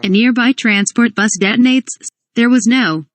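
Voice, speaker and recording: A woman's voice: on the high side, moderate pace. A woman reading a comedic parody script aloud. She reads stage directions and dialogue and spells some words out letter by letter.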